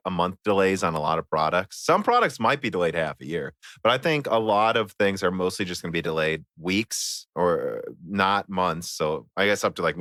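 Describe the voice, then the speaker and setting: A chatty man hosting a tech podcast, his low voice swinging up and down with plenty of animation. It sounds bright and forward. The recording is close and dry, with no room around him. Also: no echo. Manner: animated, chatty, reads listener mail. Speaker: podcast host. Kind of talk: casual podcast chat.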